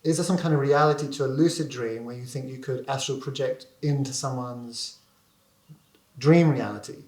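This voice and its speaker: A man hosts an interview, asking curious questions in a tentative way and letting his phrases trail off. His voice is mid-pitched. The room gives it a clear echo. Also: moderate pace, a little mellow. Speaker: interviewer, host. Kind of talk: conversational interview. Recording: echoey room.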